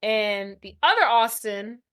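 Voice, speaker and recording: A woman co-hosting a podcast, retelling movie scenes in an animated way and acting out the characters' lines. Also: medium pitch, slow, smooth, dry recording, clean studio sound. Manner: animated, acts out characters' lines with big swings. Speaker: podcast co-host. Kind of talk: casual chat recapping a movie plot.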